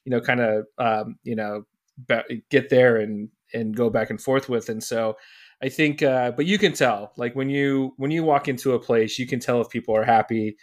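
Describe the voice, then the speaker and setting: A man's voice: mid-range voice, fairly even intonation, moderate pace. A man hosting a podcast in casual chat, loose and rambling with many fillers. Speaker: podcast host.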